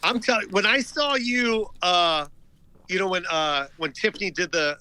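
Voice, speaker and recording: A man's voice: high voice, normal speed, clear, resonant tone, rough recording. A middle-aged man, a comedian guest, telling stories in casual chat with lots of filler words. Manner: animated storyteller, many filler words.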